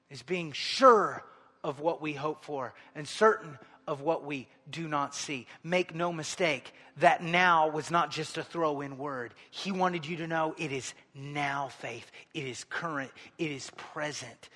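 High bright-voiced male preacher. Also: a little slow. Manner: swings from hushed appeals to loud exhortation. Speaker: pastor. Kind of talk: sermon. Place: large church sanctuary. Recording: long hall reverb.

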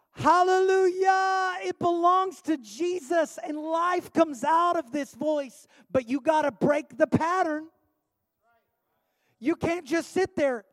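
A man's voice: very high-pitched, dry recording. A man pastor preaching a sermon with rhetorical questions, building to an impassioned altar call.

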